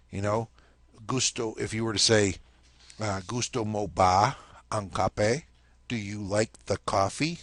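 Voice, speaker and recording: Low-voiced man teaching casually. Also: a bit bright, no echo. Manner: explains step by step, often checks in with "okay?". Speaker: language teacher. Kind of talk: casual spoken lesson.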